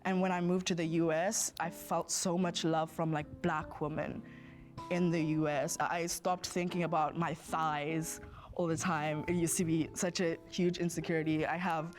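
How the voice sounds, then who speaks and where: A woman from South Africa answering interview questions in a slow, reflective, personal way. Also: low-pitched, flat delivery, faint music behind. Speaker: interviewee in a video.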